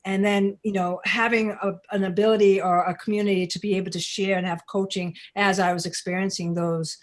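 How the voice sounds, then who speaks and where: A woman's voice: medium pitch, flat delivery, brisk. A woman hosting a podcast, asking questions in a friendly, casual way. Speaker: podcast host.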